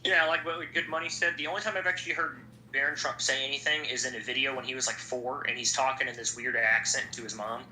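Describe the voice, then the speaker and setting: A man's voice: mid-range voice, steady tone, fast, hardly any pauses, bright, forceful tone. A young man hosting a podcast, chatting casually in a rambling, profane way. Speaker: podcast host. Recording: echoey room, faint background noise.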